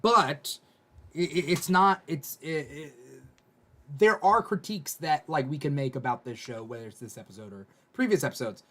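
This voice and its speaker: Higher-voiced man hosting an aftershow. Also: a bit bright. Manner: reads viewer comments aloud, halting restarts. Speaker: aftershow host. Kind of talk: casual panel discussion.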